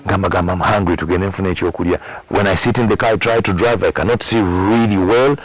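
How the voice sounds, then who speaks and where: A man's voice: sits low, steady tone, fast talker, crowd noise, rough recording. A man with a Ugandan accent, a musician candidly telling his story in an interview, repeating words for emphasis and acting out old conversations. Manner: repeats words for emphasis, acts out past dialogue. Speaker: musician recounting his past.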